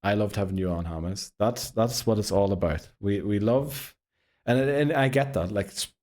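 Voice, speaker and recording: A man's voice: lowish voice, moderate pace, darkish tone. Chatty man hosting a live stream. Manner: chatty, laughing, greets viewers by name. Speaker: streamer host. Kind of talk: casual live-stream chat.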